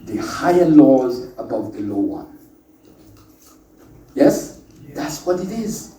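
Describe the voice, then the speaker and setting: A man's voice: medium pitch, very animated, slow, long pauses, mellow, a little hiss or hum. A man giving an informal, playful talk to a live group, calling out to the audience and teasing them with wordplay. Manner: playful, chatty, calls out to the audience. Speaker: speaker at a spiritual workshop. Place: indoor meeting room with an audience. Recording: echoey room, voice from a distant mic.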